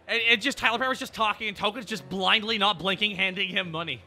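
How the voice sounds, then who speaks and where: A male streamer chatting casually and excitably, laughing often and swearing freely. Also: sits high, fast, hardly any pauses. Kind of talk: casual chat.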